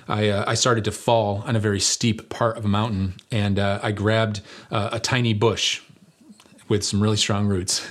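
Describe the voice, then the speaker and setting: A male pastor with a low, husky voice delivers a conversational sermon. He is earnest and builds to emphatic peaks, easing the mood with light humor along the way.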